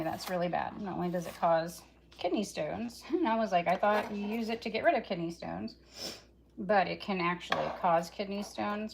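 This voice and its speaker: A cooking vlogger with a fairly low, creaky voice chats casually during a live stream from her home kitchen, rambling and speaking directly to viewers. Loud chopping and kitchen clatter fill the background.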